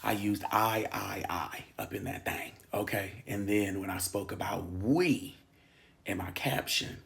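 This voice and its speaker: A man's voice: on the low side, flat delivery, moderate pace, creaky, a bit bright. A man in his thirties from Los Angeles gives an emphatic, candid personal monologue, often dropping to a whisper and laughing. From South Central Los Angeles. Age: 30s. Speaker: spiritual channel host.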